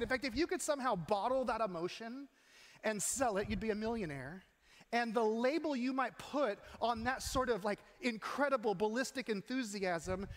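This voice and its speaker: A middle-aged man preaching a sermon in a church, talking in a conversational, animated way and often asking the congregation questions. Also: extremely high pitch. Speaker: pastor. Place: church sanctuary. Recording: long hall reverb.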